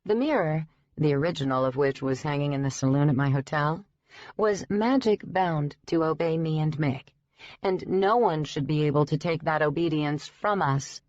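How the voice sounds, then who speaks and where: Woman audiobook narrator, low voice, even steady read, dull dry recording. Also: no echo. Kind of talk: scripted first-person narration.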